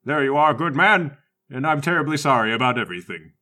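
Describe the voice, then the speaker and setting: A man's voice: medium pitch, animated, a little fast, bright, forceful tone. A man voicing a timid, apologetic old male congressman who keeps trying to negotiate, in a tabletop game. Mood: placating. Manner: fussy, bureaucratic, apologetic.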